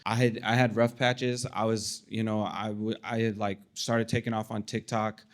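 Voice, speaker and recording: A man on a panel, answering in a measured, reflective way. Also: lowish voice, level tone.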